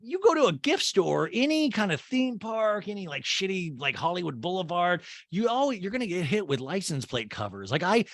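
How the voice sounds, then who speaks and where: A man's voice: sits high, very animated, moderate pace, few pauses, a bit bright, no room sound. Chatty profane man recapping. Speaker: podcast host. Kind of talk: casual comedic recap.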